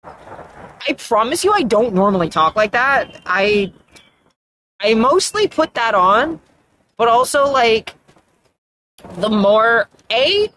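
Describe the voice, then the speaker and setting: A woman's voice: fairly high pitch, lively intonation, slow pace, pauses often, fairly bright tone, slight background noise. A woman with an Atlantic Canadian accent, chatting casually as a streamer while gaming, rambling and often trailing off mid-thought.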